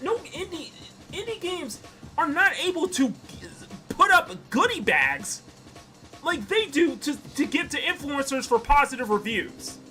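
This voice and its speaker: Streamer in their 30s, heated ranting, lively swooping pitch, faint music behind. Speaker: gaming streamer. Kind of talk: game stream rant.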